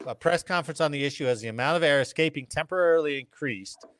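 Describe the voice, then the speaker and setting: A man's voice: fairly high pitch, fast talker, fairly bright tone. A man hosting a casual podcast, reading news articles aloud and breaking off for joking asides. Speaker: podcast host.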